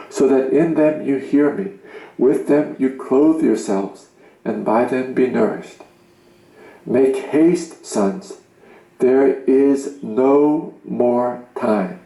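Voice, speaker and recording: Slow, gravelly man reading solemnly. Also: mid-range voice, mellow. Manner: grave, commanding, measured delivery. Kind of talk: solemn reading of a religious message. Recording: roomy echo.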